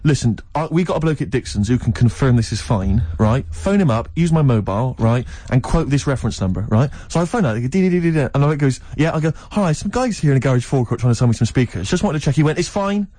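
Fast-talking man telling a story. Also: medium pitch, no echo. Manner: animated, laughing often, acts out quoted voices. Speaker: storyteller guest. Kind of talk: casual anecdote chat.

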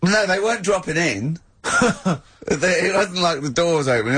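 A man hosting a comedy radio show, telling animated stories and laughing often. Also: fairly high pitch, moderate pace, husky, no room sound.

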